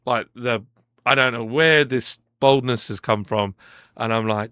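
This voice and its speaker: A man co-hosting a podcast, telling a personal story in casual chat, animated and acting out what people said, with frequent restarts. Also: medium pitch, measured pace, clear, resonant tone, dry recording, studio quality. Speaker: podcast co-host. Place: podcast studio.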